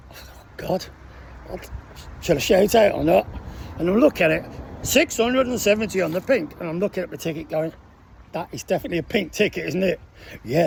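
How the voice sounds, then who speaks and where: A man's voice: a little high, creaky, slightly rough. A man in his sixties, a military veteran telling a casual anecdote and acting out the voices of the people in it. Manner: lively storyteller acting out the voices of others.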